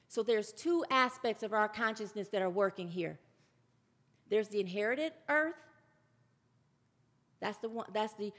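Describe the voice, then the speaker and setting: A woman preaches a sermon with emphatic delivery, at times calling on listeners to say words aloud. Her mid-range voice is fairly bright, and the recording has a long hall reverb.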